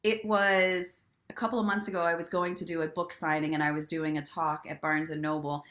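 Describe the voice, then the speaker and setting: A woman hosting a live story time stream, chatting in an encouraging way and slowing down for soft affirmations. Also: deep voice, flat delivery. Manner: chatty and encouraging, reads viewer comments aloud. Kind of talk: casual live-stream talk with inspirational reading.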